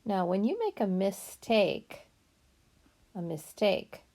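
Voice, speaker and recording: Slow, gravelly-voiced woman teaching phonics. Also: medium pitch, big pitch swings, dark tone. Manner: spells out letters and sounds words in syllables; praises and checks in with an unseen young learner. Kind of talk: slow, careful phonics lesson.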